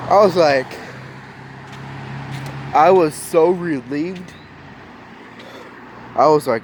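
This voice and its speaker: A young man with a slightly high voice tells a story from his past, bouncing between his own lines and the voices of others. Faint traffic hum sits behind him, as if he is recording outdoors. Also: a little slow, pauses often. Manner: animated, acts out quoted voices. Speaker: vlogger. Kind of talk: casual storytelling.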